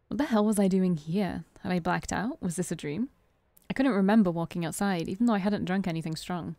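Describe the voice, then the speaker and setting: A woman's voice: fairly low pitch, no echo. Woman reading a game's text aloud. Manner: expressive, chatty, self-deprecating asides. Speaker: streamer playing a visual novel. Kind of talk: reading game text aloud with casual asides.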